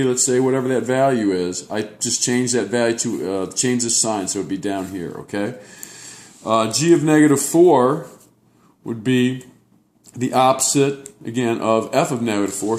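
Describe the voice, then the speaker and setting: A man lecturing on graphs in a roomy, echoing space. He walks through each step and keeps checking in with a quick "okay?". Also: mid-range voice, darkish tone. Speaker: math teacher. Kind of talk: classroom lecture at a whiteboard.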